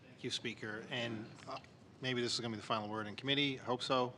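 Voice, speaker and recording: A man's voice: medium pitch, steady tone, fast talker, bright, forceful tone. A man, a minister giving brief, slightly wry answers in committee. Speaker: government minister.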